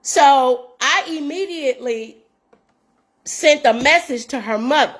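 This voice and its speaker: A woman's voice: high-pitched, slow. A woman in her fifties hosting her own show, telling viewers a story in an earnest, casual way and reading out messages. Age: 50s. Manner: earnest, addresses viewers as y'all, reads out messages. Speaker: show host.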